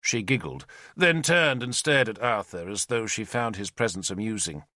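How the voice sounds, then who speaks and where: A man reads an audiobook in an expressive, storytelling style, his voice on the low side and his pace moderate. The scripted narration is studio quality, with no room sound.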